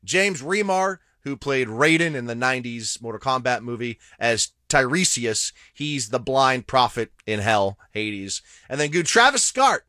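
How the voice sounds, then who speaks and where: A man talks casually about a film's cast, his voice bright and sharp with lots of rise and fall in pitch. He is close to the mic in a dry booth, and now and then he hesitates over names. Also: lively intonation, unhurried, hardly any pauses, no room sound. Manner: reads cast lists with hesitant name stumbles. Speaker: radio podcast co-host. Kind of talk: casual movie review chat.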